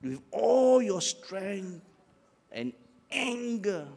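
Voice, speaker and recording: Older pastor, high lively voice, slow dramatic delivery, leads crowd responses. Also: male voice, gravelly. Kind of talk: sermon.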